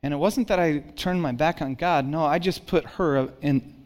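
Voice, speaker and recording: High-voiced animated pastor man. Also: moderate pace. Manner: animated storytelling, swings between excited and hushed. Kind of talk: sermon.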